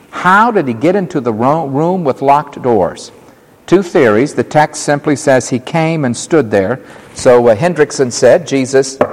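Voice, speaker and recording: Animated male preacher in an echoing hall. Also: mid-range voice. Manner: animated, dramatic storytelling with acted-out quotes. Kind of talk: sermon, expository Bible teaching.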